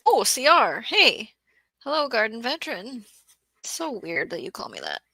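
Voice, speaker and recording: A woman hosting a casual gardening livestream, tired after a bad day, chatting and thinking aloud while reading viewer comments and clearing her throat often. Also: fairly high pitch, big pitch swings, measured pace, bright, forceful tone, no room sound. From Southeast Florida. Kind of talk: casual live-stream chat reading comments.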